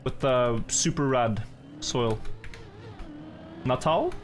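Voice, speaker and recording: A man's voice: medium pitch, animated, slow pace, slight background noise. A young man from Norway, a native Norwegian speaker, chatting casually with his live chat while he plays a game. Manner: chatty and self-amused, answers chat questions. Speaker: streamer.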